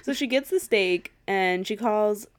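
A young woman co-hosting a podcast, casually recapping a film in an animated, sweary way and laughing often. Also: mid-range voice, measured pace, clear, resonant tone. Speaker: podcast co-host.

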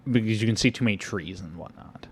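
Rambling young man, low voice. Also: fast, breathy edge. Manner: rambling, filler-heavy, laughs often. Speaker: podcast co-host. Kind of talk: casual movie-review chat.

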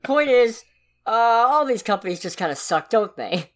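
A woman's voice: on the high side, sing-song, normal speed. A woman co-hosting a podcast, chatting casually with a sarcastic, ranting edge. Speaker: podcast co-host. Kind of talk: casual chat.

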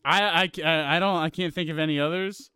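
Man, casual movie review, opinionated, smooth resonant voice, fairly high. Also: steady tone, fairly quick, sharp tone, no echo, studio quality, faint music behind. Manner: blunt, opinionated, swears freely. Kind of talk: casual film review chat.

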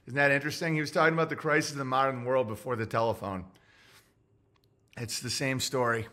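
A man's voice: medium pitch, steady tone, fast, pushed and bright. A male livestream host in a casual monologue, reading viewer messages and giving blunt, opinionated takes.

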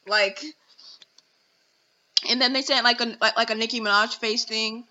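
A woman's voice: on the high side, unhurried, long pauses, pushed and bright, lo-fi sound. A young woman hosting a casual podcast, ranting with exasperation and reading out chat messages. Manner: indignant, exasperated, reads chat messages aloud. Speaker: podcast host.

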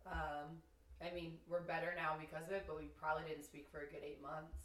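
Low-voiced young woman in an echoey room. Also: little pitch movement, fairly quick. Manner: straightforward, swears casually. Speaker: guest. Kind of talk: casual chat. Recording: roomy echo.

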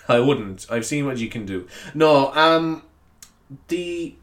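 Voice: medium pitch, expressive, takes it slowly, a bit bright. A young adult podcaster with an Irish accent, chatting alone in a rambling, self-mocking way and laughing often. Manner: self-mocking, giggly, apologetic. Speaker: podcast host. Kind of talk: rambling solo podcast chat.

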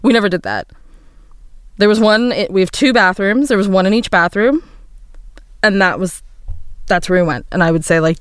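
A woman co-hosting a casual parenting chat, telling animated stories and jumping high in pitch when quoting her child. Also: moderate pace, pauses often, clear, resonant tone, no room sound, clean studio sound. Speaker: podcast co-host and mother.

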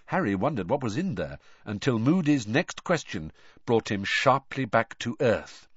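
A man's voice: mid-range voice, moderate pace, slightly rough, no room sound, dull audio. A man reading a novel aloud as an audiobook narrator, telling it expressively. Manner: expressive storytelling. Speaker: audiobook reader. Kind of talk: scripted narration.

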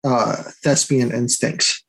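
A man's voice: mid-range voice, fairly even intonation, slow pace, a bit bright, low-quality recording. A man co-hosting a casual movie review chat, easygoing and agreeable, trailing off when searching for names. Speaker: podcast co-host.

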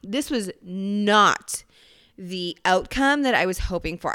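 A podcast host with a mid-range, fairly bright voice that's clear and resonant talks animatedly at normal speed. Recorded in a clean studio with no room sound, she chats casually and tells a rambling, profane story.

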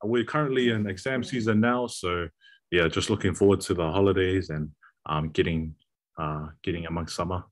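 A young man with a New Zealand accent, a university student guest chatting in a relaxed way with frequent restarts. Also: low voice, moderate pace. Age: young adult. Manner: relaxed, repeats words when starting. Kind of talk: casual chat.

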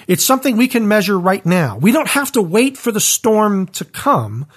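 Husky man thoughtfully discussing scripture. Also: high-pitched, sing-song, moderate pace. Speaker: Bible discussion co-host. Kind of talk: conversational Bible teaching.

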